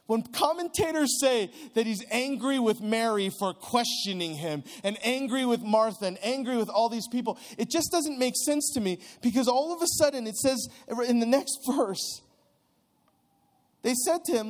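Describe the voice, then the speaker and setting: A man preaching a sermon in an earnest, conversational way, slowing down to stress key words. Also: very high voice, expressive. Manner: earnest, conversational, with restarts and drawn-out emphasis.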